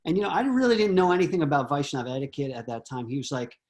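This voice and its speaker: A man's voice: on the high side, big pitch swings, very fast, few pauses. A man on a video call, earnestly telling a personal memory with many fillers and restarts. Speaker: disciple giving homage.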